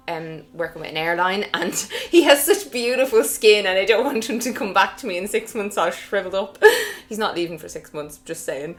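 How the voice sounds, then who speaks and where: A woman's voice: mid-range voice, animated, moderate pace, few pauses, faint music behind. A young woman with an Irish accent chatting frankly and laughing easily while she does her makeup indoors. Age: young adult. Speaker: guest vlogger. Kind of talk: casual chat while doing makeup. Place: indoors, getting ready.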